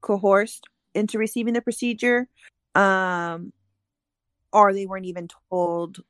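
A woman's voice: medium pitch, level tone, measured pace, fairly bright tone, no room sound, clean studio sound. A woman on a casual podcast, reading out and explaining a news story with frequent ums and restarts. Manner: explanatory, reads aloud with many ums.

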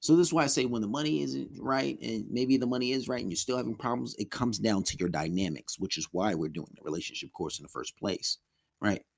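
A man's voice: medium pitch, a little fast, vocal fry. A man teaching a relationship course in a loose, conversational way, often acting out his clients' complaints. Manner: loose and conversational, many ums and restarts, acts out clients' complaints. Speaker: relationship coach. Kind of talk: casual spoken lesson.

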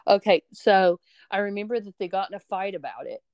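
A young woman hosting a podcast, casually telling a story with animated energy and frequent swearing, acting out the people she quotes. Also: medium pitch, a little fast, highs cut off. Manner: animated, acts out quoted voices, swears freely. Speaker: podcast host.

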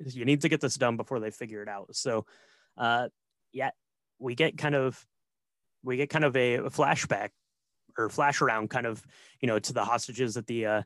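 A man's voice: medium pitch, a bit bright, no room sound. A man casually recapping a film scene by scene for a co-host, with lots of fillers and restarts. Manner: rambling, filler-heavy, many restarts. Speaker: podcast co-host. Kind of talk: casual movie recap chat.

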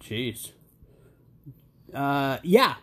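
A middle-aged man with a mid-range voice speaks very slowly as a podcast interview guest. He tells family stories in a casual, joking way, animated as he acts out the voices and quotes.

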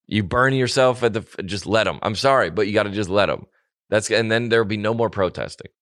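A man's voice: on the low side, fairly quick, a bit bright, dry recording, studio quality. A man co-hosting a podcast, ranting animatedly in casual chat and mocking people with put-on quotes. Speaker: podcast co-host.

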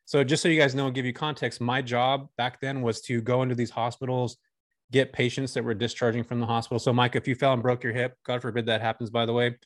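A man in his forties from Northern California talks in a loose, chatty way as a podcast guest. He strings stories together and laughs easily, at a middling pitch. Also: level tone, quick pace. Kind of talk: casual podcast interview.

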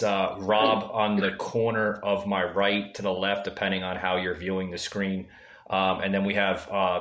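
A man hosting a casual podcast, halting, with lots of fillers and quick agreement. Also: sits low, fairly bright tone, reverberant. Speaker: podcast host. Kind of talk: casual political chat.

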